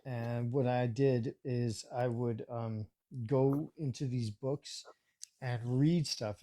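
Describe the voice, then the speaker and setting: Mellow-voiced man telling a story. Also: mid-range voice. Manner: storytelling, acts out quoted voices. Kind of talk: casual live-stream chat.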